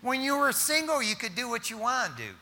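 A middle-aged man preaching as pastor, talking in an animated, casual way and often calling his listeners "man". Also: extremely high pitch, fairly quick, long reverb tail. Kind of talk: sermon.

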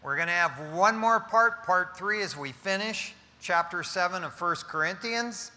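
Preaching a sermon a little slowly and expressively, a male pastor tells jokes and throws playful asides to his congregation. His fairly high voice is very bright, and a long reverb trails each phrase through the church hall.

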